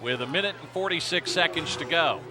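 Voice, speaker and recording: A man calling high school football play-by-play, brisk and rising to shouts on big plays. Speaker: play-by-play announcer. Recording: noisy outdoor stadium broadcast with crowd.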